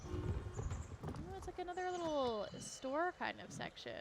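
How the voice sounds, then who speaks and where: A young woman streaming a game, chatting casually and giggling while she thinks out loud. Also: very high-pitched, animated, measured pace, creaky, noisy background. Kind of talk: casual gameplay commentary.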